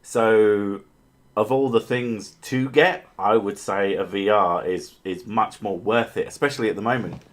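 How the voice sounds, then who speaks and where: A man with a lowish voice talks loosely through a livestream, replying to chat messages as they come in. He rambles, loses his thread, fills gaps with ums, and swears offhandedly. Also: measured pace. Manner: rambling, swears casually, many fillers and restarts. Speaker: streamer answering chat.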